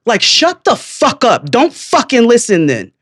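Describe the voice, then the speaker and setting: A woman's voice: a little high, huge pitch swings, unhurried. A woman co-hosting a podcast, blunt and heated, swearing freely in casual chat. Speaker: podcast co-host.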